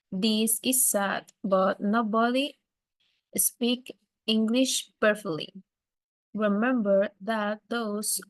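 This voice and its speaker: A woman, a student, reading a text aloud carefully and haltingly, with small slips. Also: medium pitch, no echo.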